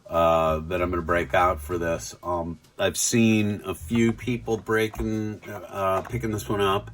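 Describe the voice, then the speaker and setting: Low, slow-talking middle-aged man. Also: steady tone, fairly bright tone. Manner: halting, full of ums and restarts; fond, chatty collector. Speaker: toy reviewer. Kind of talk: casual unboxing review.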